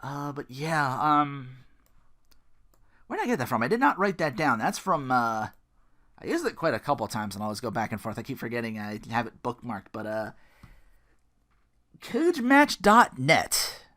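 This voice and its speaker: A man's voice: mid-range voice, sing-song, normal speed, long pauses, sharp tone. A man hosting a solo podcast, rambling and joking at his own expense. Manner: rambling, self-mocking, laughs at own jokes. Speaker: podcast host.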